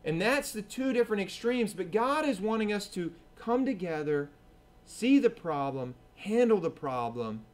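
A man preaching a sermon in church, talking conversationally, acting out what people say and checking in with "right?". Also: on the high side. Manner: conversational preaching, acts out quoted voices, asks "right?".

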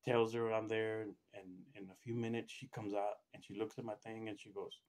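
A middle-aged man casually telling a personal story, rambling with restarts and acting out what others said by raising his pitch. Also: little pitch movement, fairly quick, a little mellow. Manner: rambling, acts out quoted voices with raised pitch, many restarts. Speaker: storyteller recounting his own experience.

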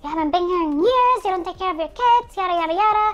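A screeching, furious wife , as a woman puts her on in a vlog retelling, her voice jumping very high as she fires off accusations at a breathless clip. The sound is dull and lo-fi, with faint music underneath. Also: expressive, a bit bright. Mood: scolding. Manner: rapid scolding tirade. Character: shrill screaming angry wife, middle-aged woman.

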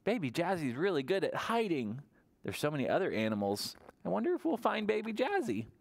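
A man reads a picture book aloud to toddlers at library storytime. His voice sits a little high and bounces through a very wide melodic range. He keeps it sing-song and animated and keeps stopping to ask the little ones questions. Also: a little fast, vocal fry. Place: public library storytime room.

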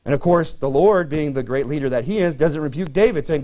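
A man's voice: a little high, fairly quick, hardly any pauses, mellow. A middle-aged man preaching a sermon to his church in a conversational way, full of "you know" fillers. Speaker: pastor.

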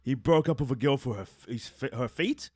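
A man's voice: mid-range voice, a little fast, a little mellow, slightly rough, dry recording, clean studio sound. A young man co-hosting a podcast, talking casually and stumbling over the starts of words. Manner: stammering, repeats words as he starts. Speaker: podcast co-host. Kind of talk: casual chat.

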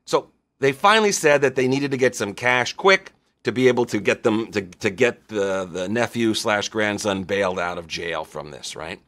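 A middle-aged man hosting an insurance show, telling a story in a lively, conversational way. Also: on the low side, moderate pace. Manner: animated, conversational, acts out quotes. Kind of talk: storytelling monologue.

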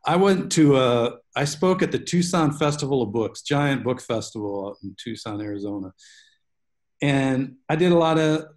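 A man speaking over a video call, an author talking with a book club. He tells winding, self-aware stories and drifts off on tangents. His voice sits at an everyday middle pitch. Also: a little mellow. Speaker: guest author. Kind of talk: storytelling in a book club discussion.

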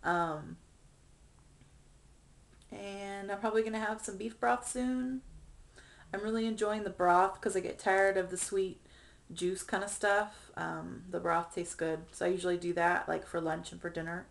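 A woman's voice: mid-range voice, steady tone, unhurried, creaky. A young woman talking through a personal video diary in a chatty, earnest way with many ums, getting emotional. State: emotional, near tears. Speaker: vlogger.

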